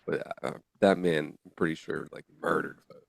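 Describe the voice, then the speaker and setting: A man's voice: extremely low pitch, fairly even intonation, normal speed, gravelly, no echo. A man co-hosting a podcast in casual banter, laughing often and reading news items aloud. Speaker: podcast co-host.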